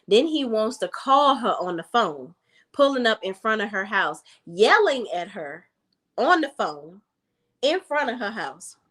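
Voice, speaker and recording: A woman's voice: fairly high pitch, a little slow. Sassy woman recapping reality TV. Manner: sassy, animated storytelling with slang. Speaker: recap vlogger. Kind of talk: casual reality-TV recap commentary.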